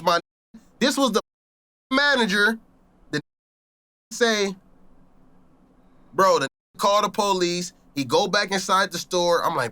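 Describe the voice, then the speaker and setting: A young man tells a story in a lively, expressive way and jumps between voices as he acts it out. His voice sits a little high and sounds bright and forceful, and he talks in loose street slang. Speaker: interview guest. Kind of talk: casual storytelling.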